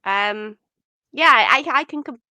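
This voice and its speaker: A woman's voice: a little high, animated, takes it slowly, sharp tone, no room sound. A woman co-hosting a podcast, chatting casually about a film with lots of fillers. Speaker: podcast co-host.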